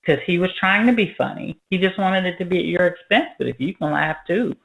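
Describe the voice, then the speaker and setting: A woman talking easily about raising her kids, with a gravelly edge to her voice. She is playful and jokes at her own expense. Her delivery is casual and conversational. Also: on the low side, expressive, a little fast, poor audio. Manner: joking, playful, self-mocking.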